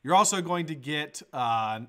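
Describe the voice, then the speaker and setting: A man with a fairly high, slightly bright voice and lively intonation hosts his daily vaping live stream from a home room fitted with a green screen. Unhurried and casual, he rambles along, cracking jokes and swearing.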